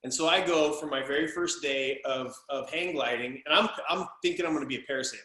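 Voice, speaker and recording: A man hosting a podcast, asking questions and telling stories in a chummy, animated, casual way. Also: on the high side, fast talker. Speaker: podcast host. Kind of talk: casual interview chat. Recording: roomy echo.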